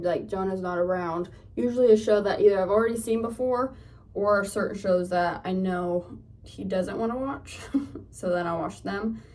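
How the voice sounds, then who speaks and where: A woman's voice: mid-range voice, a little mellow, distant mic. A young woman in her twenties chatting casually, in a rambling way with many fillers, while getting ready at home. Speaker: vlogger. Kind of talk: casual chat while doing makeup. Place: home room, indoors.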